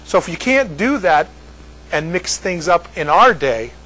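A man's voice: high-pitched, very animated, measured pace, pushed and bright, poor audio. An older American man telling a rambling story to a group, repeating words and laughing at his own jokes. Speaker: speaker addressing a group. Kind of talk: casual storytelling.

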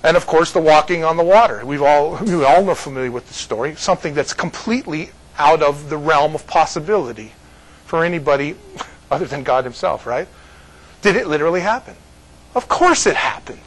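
A man's voice: a little high, lively intonation, a little fast, low-quality recording. A man from California giving informal Bible teaching to a small group, joking and laughing often between his points.

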